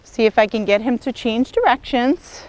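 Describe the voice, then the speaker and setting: Woman horse trainer, mid-high voice, calm instructional delivery outdoors. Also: normal speed, background noise. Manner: calm, encouraging, praises the horse often. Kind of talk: instructional demonstration.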